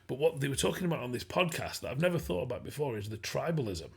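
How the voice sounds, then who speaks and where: A man's voice: mid-range voice, very animated, fast, vocal fry. A man from England hosting a podcast, chatting casually and thinking aloud. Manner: chatty, thoughtful, talks over others. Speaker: podcast host. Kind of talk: casual chat.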